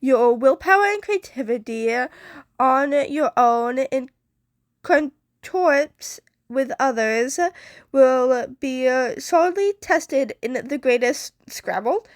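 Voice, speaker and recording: A showy young prince who declaims every line with grandeur, as a woman puts him on while reading fan fiction aloud. He sits high in pitch and pushes his words out with a dramatic lift. The sound is dry and close to the mic. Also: sing-song, normal speed, dry recording. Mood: theatrical. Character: flamboyant theatrical young male prince.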